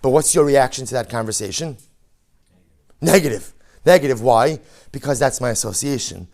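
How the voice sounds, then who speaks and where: A man, a rabbi giving an animated sermon, asking rhetorical questions and weaving in Hebrew phrases. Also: medium pitch, moderate pace.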